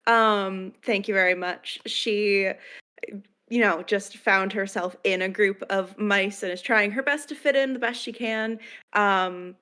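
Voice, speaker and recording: A woman's voice: mid-range voice, steady tone, unhurried, sharp tone, smooth. A woman player introducing her character in a casual, rambling and thoughtful way. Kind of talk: casual chat.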